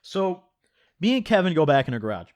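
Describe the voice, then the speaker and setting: Brief: man, casual storytime vlogger, lively up-and-down delivery, profane and chatty, dry close sound. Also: a little high, fairly quick, dry recording. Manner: animated, heavy swearing and filler "like".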